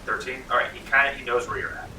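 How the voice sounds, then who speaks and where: A man's voice: mid-range voice, quick pace, noisy background. A man from North Carolina running a tabletop game as game master, chatting loosely with many fillers. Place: library room. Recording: roomy library room, mic far off.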